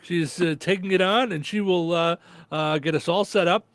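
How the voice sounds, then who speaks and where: A man hosting a radio show in casual chat, relaxed and full of fillers. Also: high voice, normal speed, dry recording, studio quality. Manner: relaxed, chatty, lots of fillers.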